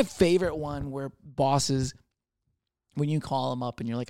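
A young adult man, a comedian, riffing in a casual rambling monologue, swearing often and slipping into quick voices of other people. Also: mid-range voice, darkish tone, smooth, no room sound, clean studio sound.

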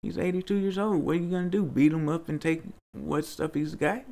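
A man's voice: on the high side, flat delivery, fairly quick, creaky, darkish tone. A man being interviewed, telling personal stories in an earnest, rambling way that turns to pleading.

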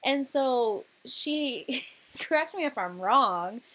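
A woman's voice: high voice, lively intonation, slow, fairly bright tone. Chatty young woman, laughing often. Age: young adult. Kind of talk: casual chat.

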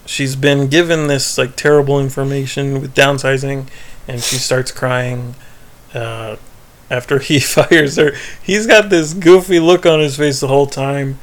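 A man co-hosting a podcast casually recaps a TV episode in a steady, unhurried, mid-range voice. He rambles, laughs, and performs quoted lines as he goes.

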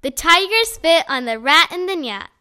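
A woman voicing a loud, grouchy schoolgirl. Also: very high voice, lively intonation, moderate pace, voice pushed up, exaggerated voice. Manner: loud, insistent, repeats words. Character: grouchy stubborn schoolgirl, third grader.

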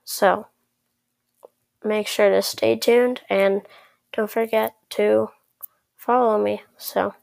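Female storyteller, chatty first-person narration with sarcastic asides, gravelly edge on a mid-range voice. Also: medium pitch, steady tone, slow pace, long pauses, a little mellow, no echo.

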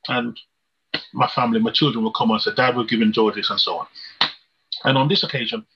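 A man's voice: mid-range voice, steady tone, brisk, slight background noise. A man preaching a sermon, telling a personal testimony in an earnest storytelling way with rhetorical questions. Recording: dull lo-fi recording.

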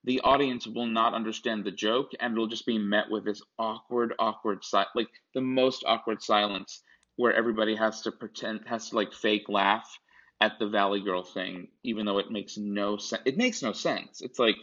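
A man's voice: on the low side, fairly even intonation, normal speed, fairly bright tone. A man co-hosting a podcast in casual chat, rambling with many restarts and asides. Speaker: podcast co-host. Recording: dull lo-fi sound.

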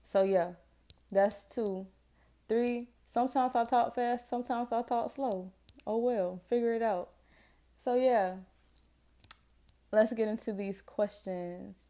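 A woman in her twenties from Jacksonville, Florida, hosts her own solo podcast in a Southern accent, chatty, rambling, self-deprecating and full of slang. Her fairly high voice is mellow with fairly even intonation, a slow pace and frequent pauses.

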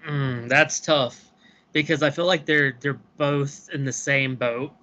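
A man with a bright, crisp voice at mid pitch talks on a casual podcast. He weighs his opinions in a thoughtful, measured way. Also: steady tone, lo-fi sound. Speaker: podcast co-host.

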